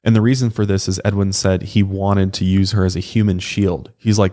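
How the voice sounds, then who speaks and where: A man with a deep, low voice narrates a true-crime case in a relaxed, conversational way. He co-hosts a podcast and drops the odd swear word as he tells the story. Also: a little fast. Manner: relaxed, swears casually, acts out quotes. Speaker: podcast co-host.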